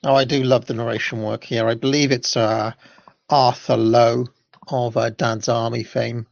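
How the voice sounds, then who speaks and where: A man with a gravelly, creaky voice talks through his thoughts in a casual, halting way. The sound is dry and close, but a little muffled. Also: medium pitch, flat delivery, no echo. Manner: hesitant, full of ums and restarts. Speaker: commentator. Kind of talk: casual commentary.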